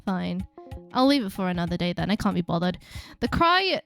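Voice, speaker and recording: A woman streaming a game live, reading the story text aloud and reacting with excited, startled exclamations. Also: on the low side, brisk, gravelly, soft background music.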